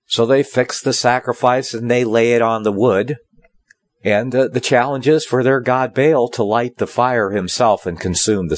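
A man's voice: medium pitch, no echo. A man preaching a sermon in an emphatic, insistent manner, raising his voice to drive points home. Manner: emphatic, preachy, rising for stress.

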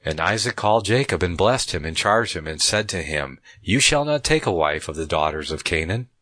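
Man, very deep voice, Bible teacher, reads scripture then comments, deliberate, restarts phrases, dry close sound. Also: animated, pushed and bright, dry recording. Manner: measured, deliberate reading with frequent restarts. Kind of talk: reading scripture aloud with commentary.

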